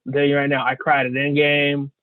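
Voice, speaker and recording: A man with a slightly high, monotone voice talks fast as a podcast co-host, chatting earnestly in a loose, slangy way. The recording is dry and phone-like, with no room sound.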